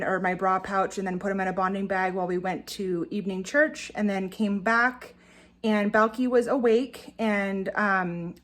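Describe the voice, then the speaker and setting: A woman at a middle pitch recounts her week with her pets in a casual vlog. Her delivery is chatty and meandering. She often stops to restart or correct a phrase before carrying on. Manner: chatty, rambling storytelling with frequent self-corrections. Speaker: pet owner vlogger.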